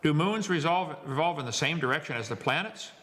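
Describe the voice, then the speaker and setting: A man's voice: on the high side, expressive, fairly quick, fairly bright tone, long reverb tail. A man giving a lecture to an audience, wisecracking, preachy and emphatic. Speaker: seminar speaker.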